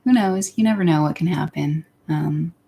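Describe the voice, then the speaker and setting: A woman's voice: deep voice, normal speed, gravelly, warm tone, breathy edge. A young woman chatting candidly on her livestream, rambling and sometimes dropping into a whisper. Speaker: YouTuber. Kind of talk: casual livestream chat.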